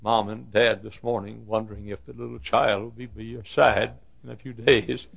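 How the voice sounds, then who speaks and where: A middle-aged man preaching a sermon, swinging from hushed, quiet passages to loud, high cries. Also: little pitch movement, moderate pace, creaky, few pauses, breathy edge, muffled recording. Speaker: pastor. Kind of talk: sermon with recited poem.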